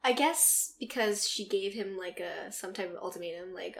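A woman's voice: mid-range voice, moderate pace, creaky, a bit bright. Young woman, casual storyteller, chatty and prone to laughter, mid-range voice. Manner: chatty, laughs often, trails off with ums. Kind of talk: casual chat.

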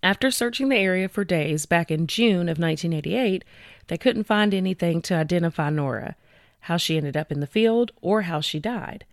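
A woman's voice: on the low side, moderate pace. A woman co-hosts a casual true-crime podcast. She relays news stories from her research in a loose, conversational way, leaning on fillers. The sound is dry and close, with little room echo. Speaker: podcast co-host.

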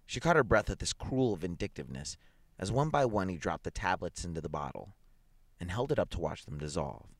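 Guy reading an old crime story aloud, low voice, lots of ups and downs, dry close sound. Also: expressive, a little fast, no echo. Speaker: story reader.

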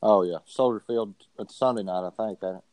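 A man's voice: on the low side, brisk, darkish tone, low-quality recording. A man giving bold, slangy football predictions in a casual sports chat. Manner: brash, slangy, confident predictions. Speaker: co-host picking games.

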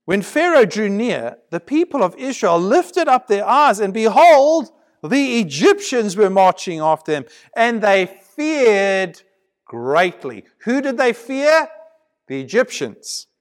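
A man's voice: high voice, big pitch swings, slow. A man preaching a sermon, retelling a scripture story dramatically and often repeating words as he builds emphasis.

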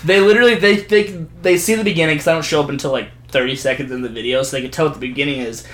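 A young man with a slightly high voice tells a story among friends. He jumps into quoted voices and laughs a lot as he talks. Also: rapid-fire, reverberant. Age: young adult. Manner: animated, laughing, swearing, acting out quotes. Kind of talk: casual storytelling chat.

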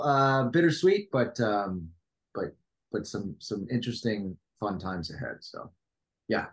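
A middle-aged man co-hosting a podcast in casual chat, rambling with many stammered restarts. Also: low-pitched. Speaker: podcast co-host.

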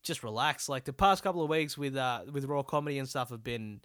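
A man's voice: mid-range voice, a little fast, a bit bright, smooth, dry recording, clean studio sound. A young Australian man hosting a solo comedy podcast, rambling and swearing as he mocks himself. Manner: rambling, sweary and self-deprecating. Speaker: podcast host.

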